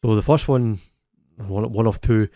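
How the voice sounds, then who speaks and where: A man with a fairly low, mellow voice co-hosts a football podcast in casual, chatty conversation, often restarting his sentences, correcting himself, and laughing quickly. The sound is clean studio quality with no echo.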